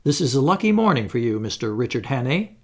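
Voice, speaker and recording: A man's voice: medium pitch, fast talker. A man doing a suave, menacing old villain. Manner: calm, smooth, assured.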